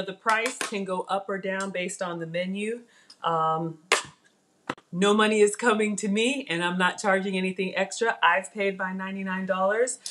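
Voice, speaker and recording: A woman's voice: medium pitch, a bit bright. A woman hosting a casual live cooking stream, chatty and emotional, thanking viewers by name as she works. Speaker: cooking livestream host.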